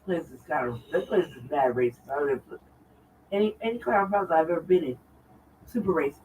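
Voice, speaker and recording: A woman's voice: low-pitched, lively intonation, brisk, a little mellow, distant mic, a little hiss or hum, low-quality recording. A woman with a Southern accent, chatting rambling and repetitive on a livestream. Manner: rambling, repeats herself. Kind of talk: casual livestream chat. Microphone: far from the mic.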